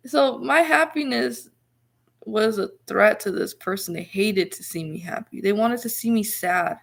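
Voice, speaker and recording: A young woman vlogging to her viewers with a gravelly, fry-edged voice. She rambles casually, circles back with restarts and little laughs. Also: mid-range voice, lively intonation, normal speed. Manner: chatty, full of "like" and restarts, laughs often.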